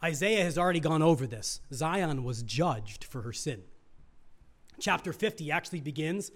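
A middle-aged male pastor preaching a sermon, asking the congregation questions and swinging from loud emphasis to near hushed asides. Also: a little high, lively intonation, normal speed.

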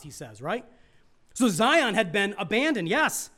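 A middle-aged male pastor preaching a sermon, asking the congregation questions and swinging from loud emphasis to near hushed asides. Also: sits high, wildly swooping pitch, takes it slowly, pauses often.

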